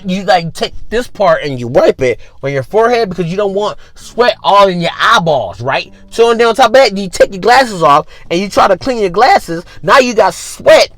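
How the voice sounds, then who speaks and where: High, lively man ranting comically. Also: moderate pace, hardly any pauses, no room sound. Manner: animated, exaggerated, repetitive asides. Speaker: podcast host. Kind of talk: comic storytelling rant.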